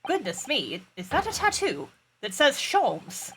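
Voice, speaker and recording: A woman's voice: high voice, wildly swooping pitch, a little slow, voice pushed up, heavily acted. A woman voicing a pompous male Victorian great detective, grandiose and formal, over game music. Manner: grandiose, theatrical, formal diction.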